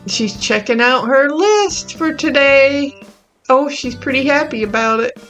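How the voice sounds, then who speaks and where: A woman hosts her own gaming video, chatting through her island build in a gentle, easily amused voice. She talks at an unhurried, drawn-out pace, and her voice sits a bit high. Soft instrumental music plays faintly behind her. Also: lively intonation. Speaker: gaming channel host. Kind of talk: casual gameplay commentary.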